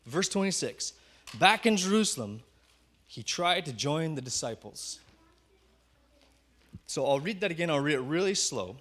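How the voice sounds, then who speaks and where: A male pastor preaching a sermon in a conversational storytelling way, slowing down to dwell on key words, with self-deprecating asides. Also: fairly high pitch, sing-song, fairly bright tone.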